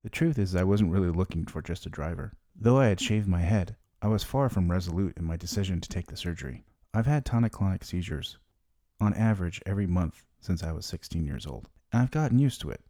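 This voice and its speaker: A man's voice: deep voice, lively intonation, a little fast, warm tone, no echo. A middle-aged man hosting a podcast, telling his own story in wry, candid scripted narration into a close mic. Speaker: podcast host.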